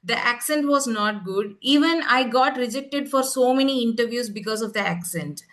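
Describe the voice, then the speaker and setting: A woman from Tamil Nadu speaks in an earnest, polite way as a guest in a casual interview. She is a teacher and calls her host ma'am, and her voice sits somewhat high. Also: normal speed, a bit bright. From Tamil Nadu, India. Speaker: schoolteacher working abroad, interview guest.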